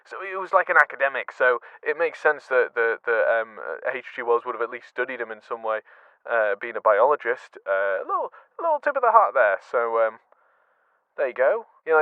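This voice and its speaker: A man's voice: mid-range voice, smooth, dry recording, phone-quality sound. A young man reads a novel aloud and breaks off into chatty, rambling comic asides. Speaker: podcast host reading a novel. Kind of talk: audiobook reading with comic commentary.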